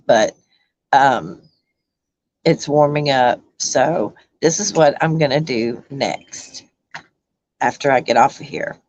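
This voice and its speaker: Slow, halting woman livestreaming. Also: a bass voice, darkish tone, muffled recording. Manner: slow, halting, many ums and restarts. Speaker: YouTube livestream host. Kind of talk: casual livestream chat reading comments.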